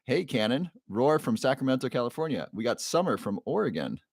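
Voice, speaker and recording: A man's voice: mid-range voice, sing-song, a little fast, husky, no room sound, clean studio sound. A man hosting a casual livestream, greeting viewers by name and reading chat in an upbeat way. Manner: upbeat, reads out chat names, playful roars. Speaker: livestream host, neuroscientist.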